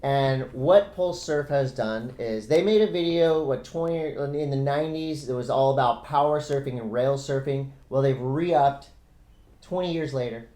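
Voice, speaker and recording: Man, middle-aged, podcast co-host, casual rambling chat, mid pitch, roomy echo. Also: normal speed, dark tone. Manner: loose and rambling, laughs often.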